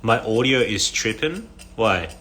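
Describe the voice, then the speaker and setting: Bright-voiced young man chatting on livestream. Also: lowish voice, lively intonation, unhurried, a little hiss or hum. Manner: rambling storyteller, heavy "like" fillers, laughs often. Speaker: musician livestreaming to fans. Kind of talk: casual livestream chat.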